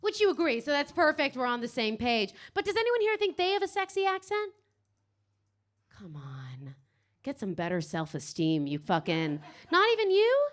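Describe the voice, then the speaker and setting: A woman's voice: high-pitched, wildly swooping pitch, moderate pace. A young Canadian woman doing stand-up crowd work in a comedy club basement, teasing the audience and swearing freely.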